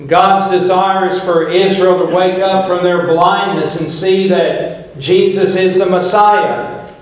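A man's voice: sits high, steady tone, slow pace. A male pastor preaching a sermon, emphatic, and painting scenes as he tells the story. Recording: very echoey church room.

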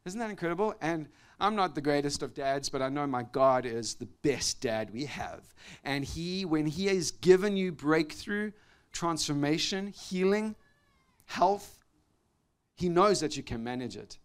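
A man preaching a sermon as pastor, animated, swinging between loud exclamations and soft confiding tones, often laughing between phrases. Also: a little high, measured pace, clear, resonant tone.

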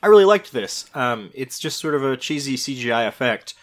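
Enthusiastic rambling man, mid-pitched. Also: sing-song, fairly quick. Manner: enthusiastic, rambling, laughs easily. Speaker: podcast co-host. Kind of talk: casual chat reviewing a TV show.

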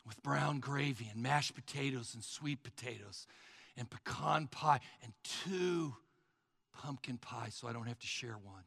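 A man preaching a sermon, telling a story in a folksy, animated way and calling his listeners folks. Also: medium pitch, measured pace, gravelly, dry recording, studio quality.

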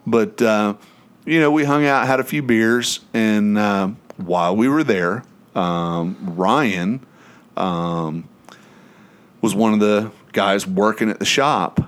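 A man tells a story on his podcast, talking casually and swearing freely. His voice sits a bit low. He acts out other people's lines as he goes. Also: slow pace, clean tone. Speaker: podcast host. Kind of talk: casual chat.

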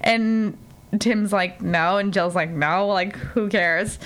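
A young woman chatting casually, rambling with lots of "like" fillers and acting out characters' lines in quick put-on voices. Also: medium pitch, a bit bright. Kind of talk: casual chat recapping a TV episode.

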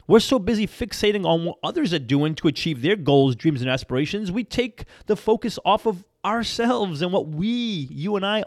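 A man's voice: high-pitched, dry recording, clean studio sound. A man hosting a motivational podcast as a coach, talking earnestly and encouragingly with emphatic repetition.

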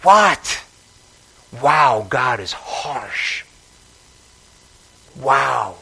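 A man preaching a sermon with passion, dropping to a hush and then rising to call out to the congregation. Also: mid-range voice, big pitch swings, extremely slow, creaky, husky, low-quality recording. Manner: passionate, swings between hushed and loud, calls out to congregation.

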